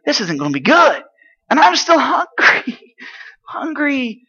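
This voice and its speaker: A man playing an eager eight-year-old boy from Galilee in a dramatic first-person monologue, chatty and excitable, sometimes dropping to hushed asides. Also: very high-pitched, takes it slowly, full character voice. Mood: wide-eyed excitement. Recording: dull lo-fi recording.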